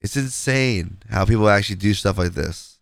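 A man hosts a casual gaming podcast with a stuffy, nasal voice from a cold. He speaks in a fairly low, smooth voice and gives blunt, opinionated takes. The sound is dry and close. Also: normal speed, no room sound. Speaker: podcast host.

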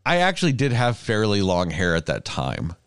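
Low voiced dude in his 30s, rambly, swears a ton, dry mic. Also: huge pitch swings, normal speed, clean tone, dry recording. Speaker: podcast host. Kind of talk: casual chat.

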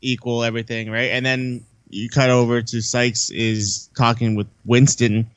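A man co-hosting a podcast, retelling a movie plot in a lively way and acting out characters' lines. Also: mid-range voice, normal speed, no echo. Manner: animated, acts out characters' lines. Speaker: podcast co-host. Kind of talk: casual movie recap chat.

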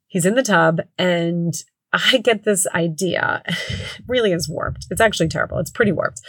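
A woman's voice: fairly low pitch, no echo. A woman in her thirties or forties, a mother hosting a podcast, telling a story casually with lots of fillers and self-corrections.

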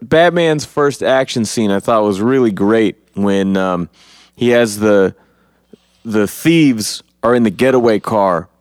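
A man's voice: lowish voice, slow pace, clean tone, no echo. Dry-voiced man hosting a casual podcast. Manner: laughing, swearing, loose banter. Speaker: podcast host.

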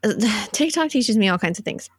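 A woman's voice: medium pitch, animated, normal speed, slightly rough, no echo. Chatty woman podcast co-host, dry close sound. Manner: chatty, laughing, rambling asides. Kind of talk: casual chat.

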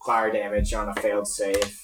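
A man's voice: lowish voice, completely flat delivery, moderate pace, reverberant, recorded from a distance, background noise. A man playing a tabletop game over voice chat, reading out spell rules. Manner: rules-focused, reads out spells. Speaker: player. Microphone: online voice chat.

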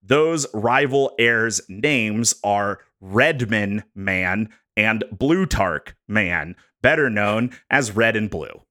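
A man on a podcast walking co-hosts through prepared bullet points in a jokey, animated way. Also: fairly low pitch, slow, few pauses. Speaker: podcast host presenting research. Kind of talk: casual podcast chat.

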